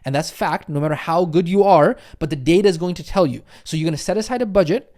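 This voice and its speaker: A man's voice: fairly high pitch, quick pace, darkish tone. A man giving a recorded training lecture as a business coach, emphatic and insistent, repeating his points and checking in with the listener. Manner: emphatic, insistent, keeps checking in with "okay?" and "right?"; repetitive, drives points home with conviction.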